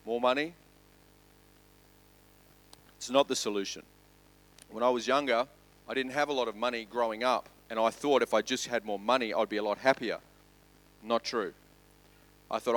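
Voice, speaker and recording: A male pastor preaching a sermon, swinging from loud to hushed. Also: medium pitch, steady tone, moderate pace, pauses often, low-quality recording.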